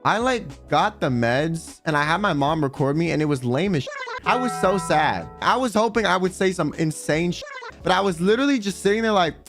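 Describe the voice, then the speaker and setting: Animated, slangy man telling stories. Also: high-pitched, a little fast, soft background music. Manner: animated and slangy, swears freely. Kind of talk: casual storytime.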